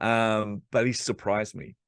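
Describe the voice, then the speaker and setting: A man's voice: lowish voice, a little slow, smooth, dry recording, clean studio sound. A man, a coach and speaker, telling personal stories as a podcast guest and acting out his own inner voice as he goes. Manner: lively storyteller who acts out his own inner voice. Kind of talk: storytelling in a podcast interview.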